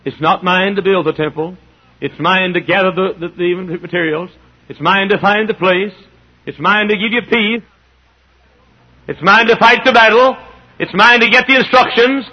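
A man's voice: high voice, steady tone, normal speed, pitched above the performer's own voice. A preacher voicing an old king charging his son. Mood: urging. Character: aging king urging his young son, earnest. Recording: dull lo-fi recording.

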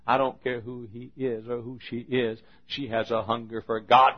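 A man preaching a sermon in a church, swinging between shouted appeals and quiet asides. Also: mid-range voice, level tone, moderate pace, few pauses. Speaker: pastor. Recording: dull lo-fi sermon recording.

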